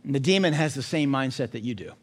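A male pastor preaching a sermon in an animated way, mixing in jokes and puns. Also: medium pitch, fast, husky.

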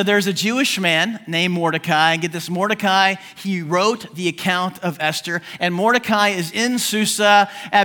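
A pastor preaching a sermon, telling the story in a jokey, animated way with modern asides. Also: male voice, high voice.

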